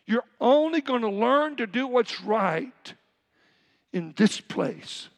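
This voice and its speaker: A man's voice: very high voice, animated, slow pace, vocal fry. A pastor preaching a conversational sermon to his congregation, acting out everyday quotes as he goes. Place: church sanctuary. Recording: reverberant church hall.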